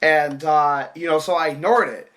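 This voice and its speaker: Animated young man telling a story. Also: fairly high pitch, normal speed. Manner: animated, acts out quoted voices, swears casually. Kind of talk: casual podcast storytelling.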